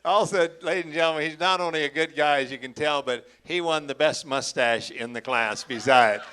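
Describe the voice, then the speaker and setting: A man's voice: on the high side, a little fast, a bit bright, clear, resonant tone. A man emceeing a student auction, opening lots and encouraging the sellers with folksy banter. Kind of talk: auction announcing. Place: auction hall.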